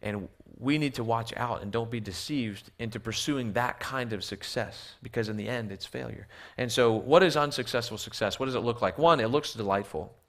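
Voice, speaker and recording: A man's voice: mid-range voice, brisk, hardly any pauses, a bit bright. A man preaching a sermon in a church with slides. He often repeats words as he restarts and asks the audience rhetorical questions. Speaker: missionary preacher.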